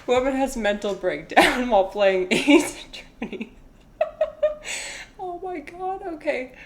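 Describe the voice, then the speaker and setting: A woman's voice: fairly high pitch, expressive, slow pace. A woman streaming a game, rambling and self-deprecating with frequent laughs. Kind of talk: live game stream commentary.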